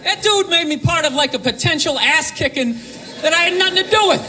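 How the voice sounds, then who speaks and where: A male stand-up comedian doing an animated routine, shouting his punchlines in mocking bursts. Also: very high-pitched, brisk. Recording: live club set with crowd laughter and noise. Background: audience laughing.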